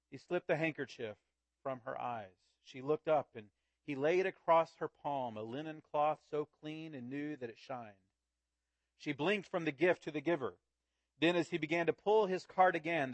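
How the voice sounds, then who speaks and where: A man preaching a sermon, reading a story aloud in a slow, dramatic way with big swings in loudness. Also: medium pitch, dry recording, highs cut off. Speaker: pastor.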